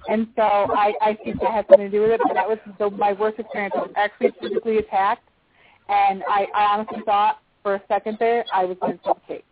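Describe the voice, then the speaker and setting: Fast-talking woman caller on a phone line. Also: medium pitch, little pitch movement. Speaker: caller telling a ghost story. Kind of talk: storytelling on a call-in show.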